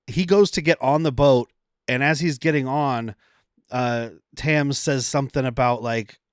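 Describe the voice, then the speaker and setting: A man's voice: medium pitch, unhurried, clean tone, dry recording, studio quality. Joking man recapping a movie. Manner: rambling, joking plot retelling. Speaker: podcast co-host. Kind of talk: casual comedic movie recap.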